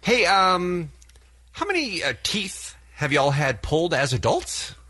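A man's voice: fairly high pitch, wildly swooping pitch, unhurried, pushed and bright, slightly rough. A man co-hosting a radio show, joking and needling the host. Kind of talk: morning radio banter.

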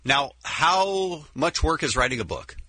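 A man's voice: on the high side, very animated, unhurried, sharp tone, breathy edge, no room sound. Probing, curious male co-host. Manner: curious, probing, laughs easily. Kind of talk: studio interview hosting.

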